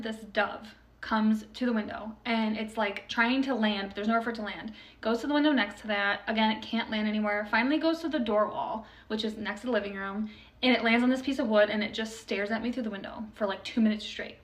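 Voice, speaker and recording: Young woman, casual testimony, chatty with fillers, slightly high, a bit off-mic. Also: quick pace, fairly bright tone, distant mic. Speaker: storyteller sharing a testimony. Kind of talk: casual personal testimony video.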